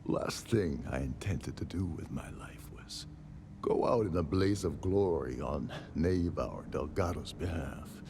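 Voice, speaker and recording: A man's voice: extremely low pitch, background noise. An actor playing a sardonic older man, a jailed former ship captain, in game dialogue. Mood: wry resigned. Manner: wry, sardonic, measured. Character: older male jailed ex-captain, dry and resigned.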